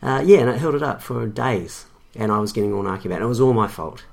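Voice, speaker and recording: A man's voice: fairly low pitch, fast talker, gravelly. A man co-hosting a casual tech podcast. He chats and teases, often stumbling over his words and restarting. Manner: chatty, stumbling restarts, teasing. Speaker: podcast co-host.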